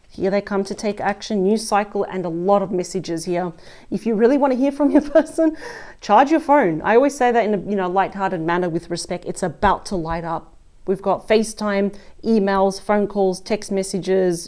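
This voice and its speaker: A woman talks through a tarot reading in a casual, chatty way, breaking in with little exclamations and speaking straight to the listener. Her voice is mellow and warm, sitting at an ordinary middle pitch. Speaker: tarot reader.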